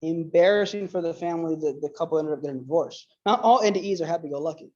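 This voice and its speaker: A man's voice: on the high side, fast, darkish tone, dull audio. A man giving an earnest, casual storytelling talk, rambling with many fillers and getting emotional as he retells stories. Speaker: apologetics speaker.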